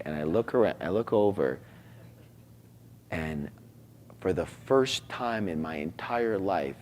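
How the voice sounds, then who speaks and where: A man in his forties telling an emotional personal story, acting out the dialogue and dropping into hushed asides. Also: a bass voice, slight background noise. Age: 40s.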